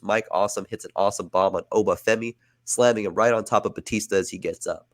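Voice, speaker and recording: A man's voice: fairly low pitch, no echo, clean studio sound. Man narrating wrestling storylines casually. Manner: casual, chatty with fillers. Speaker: podcast host.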